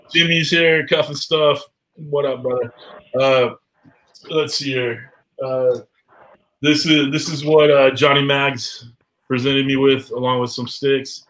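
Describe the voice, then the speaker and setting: A man's voice: mid-range voice, fairly bright tone, rough recording. Brief: male livestream host, loose banter, curses freely, slight hiss behind. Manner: loose, swearing, laughing banter. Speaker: live show host. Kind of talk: casual live-stream chat.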